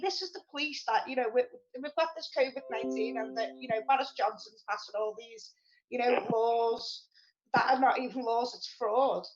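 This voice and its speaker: A woman, high-pitched and chatty, rambling excitably as she co-hosts a live stream. The audio is dull and lo-fi. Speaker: show co-host. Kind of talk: casual live-stream chat.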